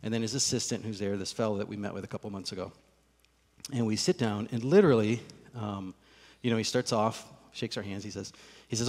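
A middle-aged male pastor preaching a sermon, telling a personal story in an animated, conversational way. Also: fairly low pitch, fairly quick, big-room sound.

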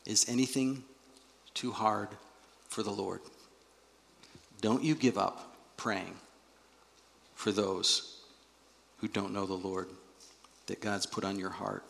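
A male pastor preaching a sermon in a church, animated and acting out the voices he quotes. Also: lowish voice, slow pace, gravelly, pauses often. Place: church sanctuary. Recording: long reverb of a large hall.

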